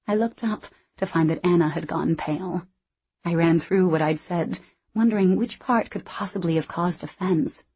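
Breathy woman narrating a novel. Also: fairly low pitch, normal speed, warm tone. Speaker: audiobook narrator. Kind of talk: first-person scripted narration.

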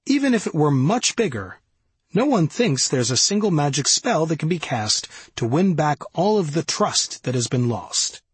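A man narrating a nonfiction audiobook in a measured, even reading style. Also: fairly high pitch, husky, dry recording.

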